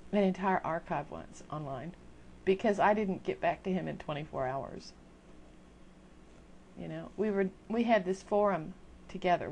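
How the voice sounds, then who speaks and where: A woman's voice: lowish voice, gravelly, slight background noise. An older woman ranting casually into a webcam at home, chatty, exasperated and self-mocking. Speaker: video blogger. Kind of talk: casual rant to camera.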